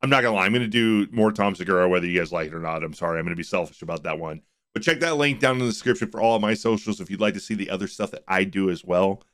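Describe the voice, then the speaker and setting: Laid-back low-voiced male reactor. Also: racing, hardly any pauses, a bit bright. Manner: laid-back, laughs along, talks straight to viewers. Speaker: reaction video host. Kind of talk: casual reaction commentary.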